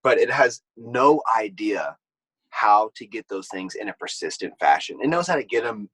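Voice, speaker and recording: A man's voice: lowish voice, animated, normal speed, a bit bright, slightly rough, no echo, rough recording. A man who is a mentor and speaker, talking as a podcast guest in a reflective way and laughing often. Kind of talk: casual conversation.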